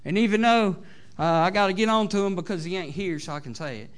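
Southern US male pastor, high voice, sermon delivery, swings loud to soft, frequent amens. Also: quick pace, clean tone. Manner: preachy, rising and falling between loud exhortation and soft asides, many "amens". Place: church sanctuary.

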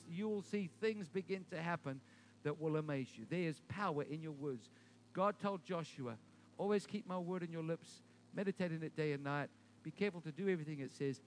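A man preaching a sermon at a church service, telling a story and then leading the congregation in loud, rising declarations, often repeating his first words. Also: a little high. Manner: repeats words when starting sentences, builds to loud declarations. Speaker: pastor.

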